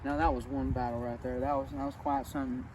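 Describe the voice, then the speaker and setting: A man's voice: mid-range voice, level tone, quick pace, close to an everyday voice. A young man playing a folksy frontier general who stammers casually, in an amateur history comedy sketch. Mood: puzzled. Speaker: interviewee in a school history skit. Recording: noisy background.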